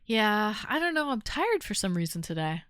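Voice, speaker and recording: A woman hosts a call-in livestream in a loose, chatty way, teasing her callers, and she sounds tired. Her voice is smooth and clear. The sound is close and dry. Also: mid-range voice, very animated, normal speed, a bit bright, dry recording. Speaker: livestream call-in show host. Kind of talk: casual chat.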